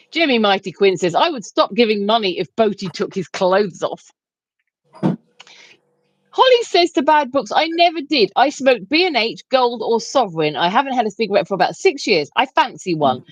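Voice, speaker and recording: Lively woman reading chat comments. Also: on the high side, moderate pace, no echo. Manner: reads viewer comments aloud, laughs often. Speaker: livestream co-host reading chat. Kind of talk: casual banter.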